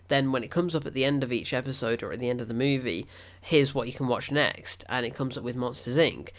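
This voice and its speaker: A man, gushing and rambling in a casual film review. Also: medium pitch. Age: 20s.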